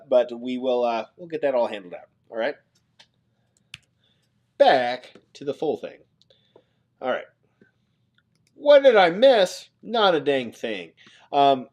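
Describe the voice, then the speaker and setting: A man's voice: on the high side, darkish tone. A man hosting a casual livestream from Nebraska, chatting and joking with viewers as he reads the chat aloud. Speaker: livestream host.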